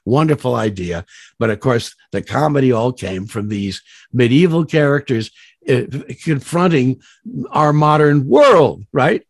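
A man's voice: medium pitch, expressive, a little slow, gravelly, no room sound, clean studio sound. A man, a voice actor being interviewed, telling rambling anecdotes full of fillers and restarts, laughing at his own stories. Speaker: voice actor guest.

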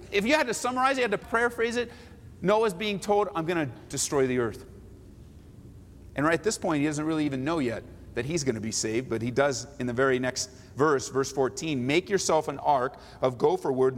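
Man pastor, high voice, sermon, dynamic swings to a hush, long church reverb. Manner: dynamic, swings from forceful to hushed.

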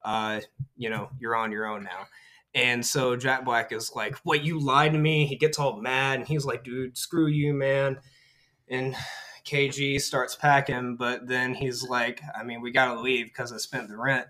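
A man casually retelling a film's plot on a podcast, rambling with many fillers and quick character voices. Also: medium pitch, level tone, pushed and bright. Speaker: podcast host. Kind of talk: casual movie recap.

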